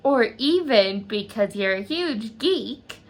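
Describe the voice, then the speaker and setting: A woman's voice: fairly high pitch, lively intonation, slow pace, heavily acted. A woman doing a chirpy, reassuring best friend. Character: upbeat teen best friend, reassuring, bossy.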